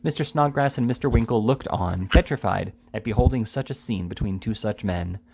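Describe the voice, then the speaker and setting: A man reading a classic novel aloud in an unhurried way, now and then correcting a slip. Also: on the low side, gravelly, darkish tone, slight background noise. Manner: unhurried, with small slips and self-corrections. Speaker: audiobook reader.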